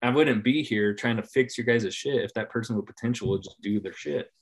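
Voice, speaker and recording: A man in casual conversation, laid-back, swearing freely and trailing off softly at the ends of his phrases. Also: on the low side, a little fast. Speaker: podcast guest. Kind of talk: casual chat.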